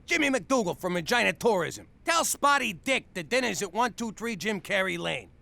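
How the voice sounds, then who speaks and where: An actor playing a loud, blunt middle-aged ex-mobster dad with a New York accent and gruff wiseguy slang, in an adult cartoon. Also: male voice, high-pitched, big pitch swings, moderate pace, full character voice. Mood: breezy.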